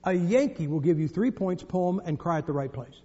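High-voiced joking preacher in echoey hall. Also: male voice, animated, brisk, warm tone, dull audio. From northern United States. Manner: joking, storytelling, emphatic. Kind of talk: sermon.

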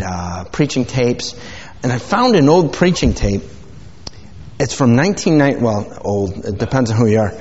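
A man's voice: medium pitch, darkish tone. A man, giving an informal sermon and prayer in a church, rambling and folksy with many fillers. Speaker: pastor. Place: church sanctuary. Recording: dull sound with hall reverb.

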